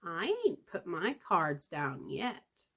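A woman's voice: fairly low pitch, sing-song, takes it slowly, gravelly, a bit bright, husky, exaggerated voice. A woman reading aloud and voicing a sly old witch woman who feigns innocence, with a rustic dialect and an arch drawl.

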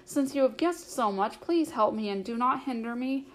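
Frodo, a troubled young male hobbit, answers in a hesitant, earnest way, voiced in a fairly high register by a woman reading a storybook aloud. The reading stays close to her own voice. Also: expressive, normal speed, close to an everyday voice.

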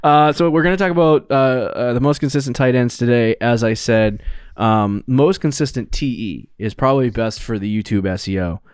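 A man's voice: mid-range voice, moderate pace, hardly any pauses, clear, resonant tone, dry recording, clean studio sound. A young man co-hosting a casual sports podcast, rambling, correcting himself mid-sentence and laughing often as he talks into a podcast mic. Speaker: podcast co-host.

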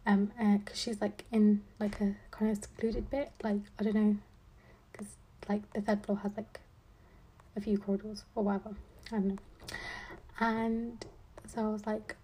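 A woman's voice: mid-range voice, little pitch movement, moderate pace, long pauses, warm tone, breathy edge. A woman in her twenties hosting a podcast, chatting casually with lots of fillers and dry sarcasm. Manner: rambling, filler-heavy, with frequent "like" and "um"; playful sarcasm. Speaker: podcast host, law student. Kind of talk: casual chat.

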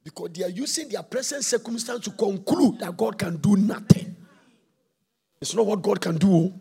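An impassioned male preacher delivers a sermon, swinging between shouts and sung phrases. His voice sits high for a man and is heavily gravelly and husky. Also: normal speed.

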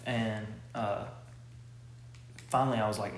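A man telling quick, animated, profane anecdotes in casual chat. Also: lowish voice. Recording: echoey room.

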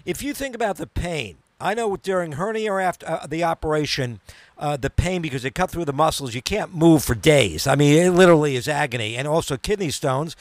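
A middle-aged man co-hosting a casual chat, telling stories in an animated way and calling himself a moaner. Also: on the high side, fairly quick, dry recording. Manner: animated storyteller, self-described moaner. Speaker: co-host.

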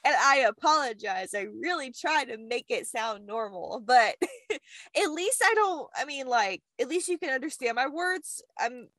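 A young woman with a Southern US accent co-hosts a podcast in a loose, giggly chat, cursing freely. Her voice sits fairly high and swings widely in pitch. The recording is dry and close. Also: moderate pace, no echo. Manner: giggly, swearing, animated. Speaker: podcast co-host. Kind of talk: casual chat.

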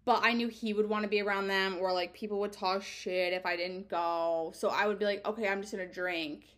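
On her own podcast, a woman in her twenties speaks fairly quickly in a mid-range, fairly bright voice with fairly even intonation. Her candid, casual monologue is full of "like" fillers and relaxed swearing.

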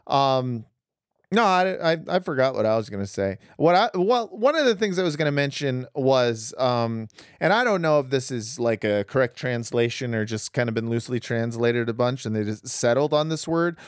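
A man's voice: medium pitch, lively intonation, normal speed, smooth, dry recording, studio quality. A man chatting casually on a podcast over a video call, riffing and swearing as he jokes. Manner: riffing, profane, laughs into jokey impressions. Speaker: podcast co-host. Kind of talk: casual comedic chat. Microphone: remote video call.

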